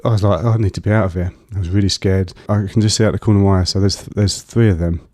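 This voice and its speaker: A man telling a long personal story as an interview guest, halting with fillers and restarts. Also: sits low, fairly even intonation, a little mellow, no room sound, studio quality.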